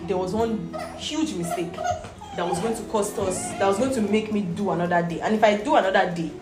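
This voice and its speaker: An earnest Nigerian woman, mid-pitched, teaching a Bible lesson and often stopping to ask whether her listeners follow. Her voice rings around a roomy space, with music playing clearly behind her. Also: brisk. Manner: earnest, repeatedly asking "Do you understand?".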